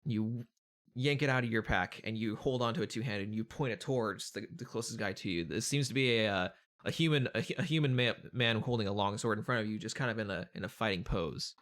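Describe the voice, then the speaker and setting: A man's voice: fairly low pitch, quick pace, fairly bright tone. A man narrating and running a tabletop game as game master, in a casual, laughing way.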